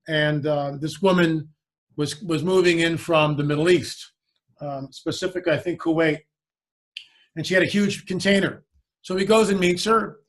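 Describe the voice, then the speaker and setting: A man, a guest in a conversation, telling a story in an animated way and acting out the lines of the people in it. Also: on the high side. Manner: animated storyteller who acts out the quoted dialogue.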